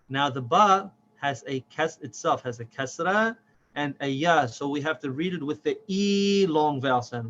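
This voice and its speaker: A man leads a recorded reading lesson, patiently splitting words into syllables and repeating them slowly. His voice is medium in pitch and a bit bright, though the audio is dull.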